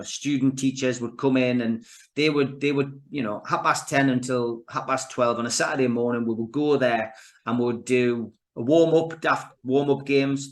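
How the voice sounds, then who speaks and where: A man of fifty with a Geordie accent, telling stories as a guest on a casual podcast interview. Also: medium pitch. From Newcastle, England. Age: 50s. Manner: chatty, anecdotal storytelling.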